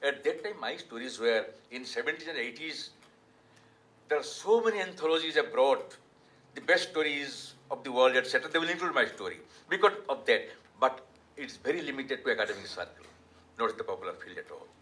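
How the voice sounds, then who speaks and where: Older man, Indian English accent, bright voice, measured storytelling talk, restarts sentences. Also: mid-range voice, expressive. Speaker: author giving a talk. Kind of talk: storytelling lecture. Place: hall.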